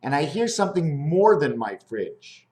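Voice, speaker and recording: Standing by the fridge in his home, a man free-associates aloud about his designs, wandering from thought to thought and quizzing his viewers. He sounds very animated at normal speed, with a voice on the high side and a darkish tone.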